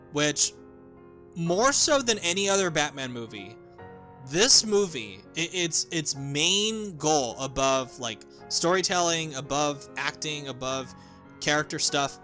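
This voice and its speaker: A man's voice: on the high side, lively intonation, slow pace, pushed and bright, faint music behind. A young man giving a casual, rambling movie review, often restarting his sentences and swearing. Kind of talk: casual spoken film review.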